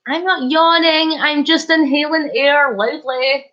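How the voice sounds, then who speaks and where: A Scottish woman chats on her live stream in a slightly high voice, playful and animated as she answers comments and spins a story. The audio is dull and lo-fi, like a cheap stream mic. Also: a little slow. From Scotland. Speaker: livestream host. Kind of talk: casual live-stream chat.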